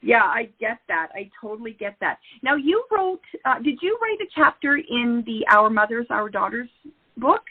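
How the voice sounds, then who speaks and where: A woman's voice: fairly high pitch, sing-song, slightly rough. Chatty woman host over a tinny line. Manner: chatty, quick to laugh. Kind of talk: casual interview chat.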